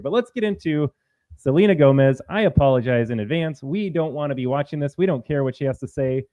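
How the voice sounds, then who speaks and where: A man's voice: a little high, quick pace, dark tone, no echo, low-quality recording. A man hosting a live-streamed political commentary show, talking combatively and reading out viewer comments. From Minnesota.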